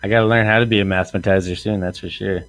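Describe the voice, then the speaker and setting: A man in his thirties hosting a comedy podcast, telling a story in an animated way, acting out quotes and laughing often. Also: fairly low pitch, rapid-fire, no room sound. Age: 30s. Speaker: podcast host.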